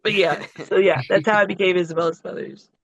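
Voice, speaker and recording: A middle-aged woman, a wrestler, telling a long story in a casual, profane, animated way. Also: lowish voice, fast, no room sound, muffled recording. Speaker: wrestling guest.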